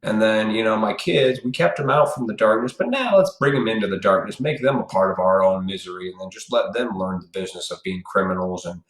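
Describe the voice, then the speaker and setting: A man's voice: on the low side, lively intonation, fairly quick, few pauses, roomy sound, poor audio. A man hosting a live stream, delivering a blunt, profane, preachy ranting monologue.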